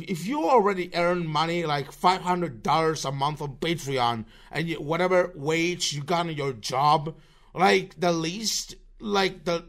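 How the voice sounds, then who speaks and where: A man with a somewhat raised pitch rants through an online commentary segment. He talks in a rambling, swearing, mocking way, stumbling over restarts as he goes. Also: fairly bright tone. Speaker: show host.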